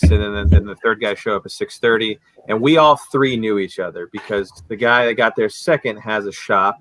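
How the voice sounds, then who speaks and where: A man's voice: lowish voice, poor audio. A man guesting on a livestream, telling a story in casual chat and acting out the people in it. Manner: animated storyteller who acts out the people in his stories. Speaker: livestream guest, collectibles seller.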